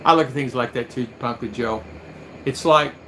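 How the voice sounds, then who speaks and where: A man's voice: medium pitch, normal speed, noisy background. A man chatting as a livestream guest, rambling through a personal story in casual anecdotal chat.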